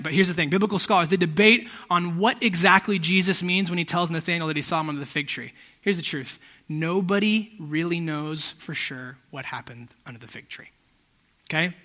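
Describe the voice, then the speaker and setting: Man, young adult, casual sermon, high voice, bright tone, keeps asking if listeners follow. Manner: conversational, checks in with listeners often.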